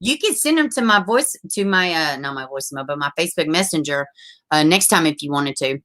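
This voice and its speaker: A woman's voice: low voice, expressive, brisk, a bit bright. A woman, hosting a casual livestream, chatting with viewers, laughing often and swearing freely. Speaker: livestream host reading viewer comments.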